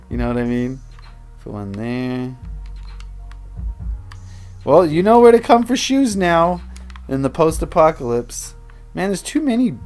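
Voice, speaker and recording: A man's voice: mid-range voice, a little mellow. Casual male livestreamer; rambling, self-interrupting chat over faint background music. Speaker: streamer.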